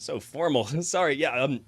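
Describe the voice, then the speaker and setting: A man voicing a hearty, burly male paladin father who laughs and talks loudly and jovially. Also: mid-range voice, lively intonation, unhurried, husky, voice pushed up. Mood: teasing. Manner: boisterous, laughing, loud and jovial.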